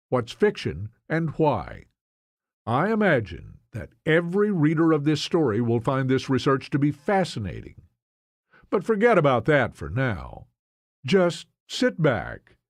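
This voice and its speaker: Man with an expressive, solemn storytelling voice. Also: medium pitch, vocal fry, dry recording, studio quality. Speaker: audiobook narrator. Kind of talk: dramatic audiobook narration.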